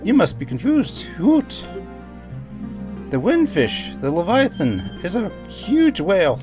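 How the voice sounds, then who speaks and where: A man's voice: sits high, wildly swooping pitch, takes it slowly, music in the background, exaggerated voice. A man voicing a wise, long-winded owl who hoots and talks in grand, mysterious terms. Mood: grandly mysterious. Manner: hooting, grand and mystifying.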